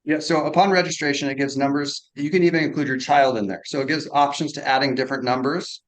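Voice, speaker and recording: Fast-talking man explaining his invention. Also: mid-range voice, fairly even intonation, low-quality recording. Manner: quick, explanatory, casual. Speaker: inventor guest. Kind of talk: podcast interview.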